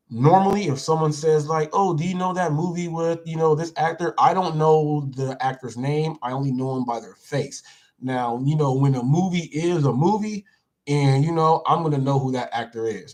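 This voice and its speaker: A man hosting a casual live stream, talking in an animated, playful way and repeating his lines for emphasis as he reacts to viewer comments. His voice sits a little higher than most men's. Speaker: live show host reading viewer comments.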